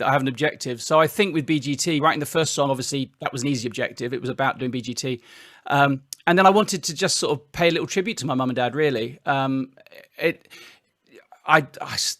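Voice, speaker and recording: A middle-aged man from Britain, telling stories as an interview guest with lively restarts. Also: mid-range voice, no echo, clean studio sound. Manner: animated storytelling with frequent restarts. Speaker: interview guest, singer-songwriter. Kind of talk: casual interview chat.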